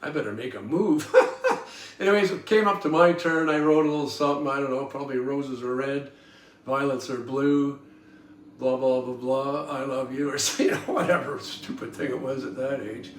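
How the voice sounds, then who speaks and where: A man's voice: mid-range voice, moderate pace, a little hiss or hum. A man, hosting a podcast and telling folksy, rambling stories with chuckles and fillers. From Toronto, Canada. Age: 70s. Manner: folksy, chuckling, lots of ums and uhs. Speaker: podcast host. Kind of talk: rambling personal storytelling. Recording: roomy sound from a distant mic, faint guitar music.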